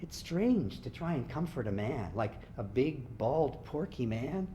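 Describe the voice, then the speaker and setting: A man reading aloud as a grieving, impulsive young man who talks in halting, casual bursts. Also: medium pitch, very animated, warm tone, a little hiss or hum. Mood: subdued. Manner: halting, conversational, swearing.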